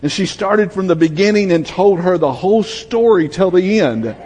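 An older man with a Southern American accent, preaching a sermon and telling stories, softening to a hush at tender moments. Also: high voice, animated, moderate pace, a little hiss or hum. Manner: storytelling, drops to a soft hush for emotional moments. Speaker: pastor. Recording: long hall reverb.

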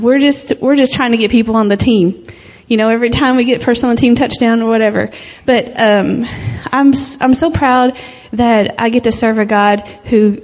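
A chatty woman shares a testimony with her church in a light, easygoing way and laughs easily. Her voice sits a little higher than most. The recording is dull and muffled. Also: a little mellow. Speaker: mother sharing a testimony. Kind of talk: casual testimony to a congregation. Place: church hall.

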